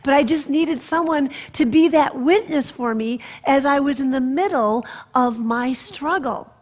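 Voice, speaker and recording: A woman minister giving a sermon, telling stories in an expressive way that drops to soft, hushed passages. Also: high voice, unhurried.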